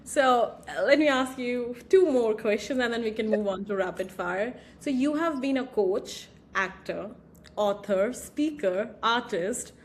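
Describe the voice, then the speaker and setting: A woman who is a teacher hosting a casual interview podcast, animated and laughing as she tells stories. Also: fairly high pitch, a little slow, a little hiss or hum.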